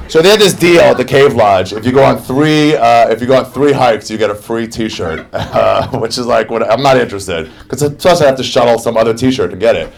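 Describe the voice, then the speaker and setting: A man's voice: mid-range voice, a little fast, gravelly, hardly any pauses. Young male comic, crude and sarcastic storyteller, mid-range voice. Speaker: stand-up comedian. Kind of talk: stand-up storytelling.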